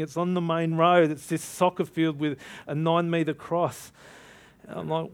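A man preaching a sermon, telling a story with animated energy and acting out both sides of the dialogue. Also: fairly high pitch, moderate pace.

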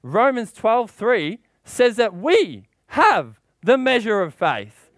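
A man's voice: big pitch swings, slow, a bit bright, dry recording. A man preaching a sermon with passion, asking rhetorical questions and getting worked up as he goes. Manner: impassioned, rising in pitch when worked up.

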